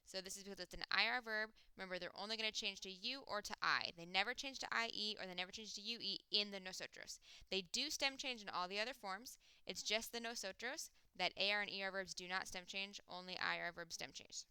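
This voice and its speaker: A woman teaching a recorded Spanish grammar lesson, explaining step by step and slowing down to spell out example words. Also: medium pitch, pushed and bright, clean tone, no room sound.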